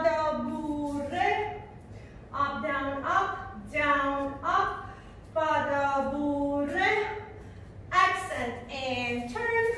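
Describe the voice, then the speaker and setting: A woman's voice: high-pitched, fairly bright tone. A woman teaching a belly dance class online, counting steps aloud and singing rhythm syllables, recorded by a camera mic at a distance in a dance room. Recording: echoey room, voice from far off, faint noise.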